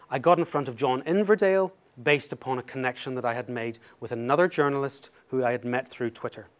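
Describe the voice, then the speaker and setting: A man giving a talk as an author, telling an anecdote in a lively, self-mocking way and laughing through the story. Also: medium pitch.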